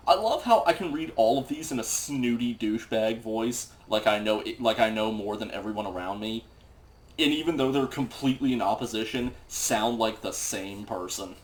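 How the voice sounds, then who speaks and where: Man, game commentary, sarcastic, reads texts aloud, lively pitch. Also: moderate pace. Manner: sarcastic, wry. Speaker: let's play commentator.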